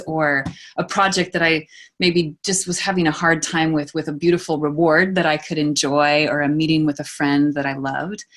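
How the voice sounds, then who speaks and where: A woman author and poet answering interview questions, telling stories in an animated way and laughing often. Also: low voice.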